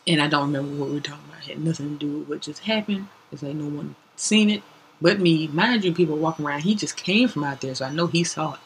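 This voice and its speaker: Lowish-voiced woman podcaster telling a story, acts out the quotes, goes whispery sometimes. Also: fast talker, slight background noise, low-quality recording. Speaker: podcast host. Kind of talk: casual storytelling.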